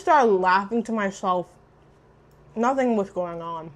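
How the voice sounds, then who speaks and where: A young woman chatting casually while eating on camera, loud and profane, jumping between shrieks and low mutters. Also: unhurried, long pauses. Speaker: mukbang vlogger. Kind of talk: casual eating vlog chat.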